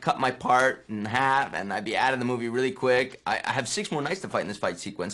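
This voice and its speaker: A man in his thirties from New Jersey, an actor answering interview questions with lively anecdotes he acts out. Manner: animated storyteller acting out quotes with sudden high yelps.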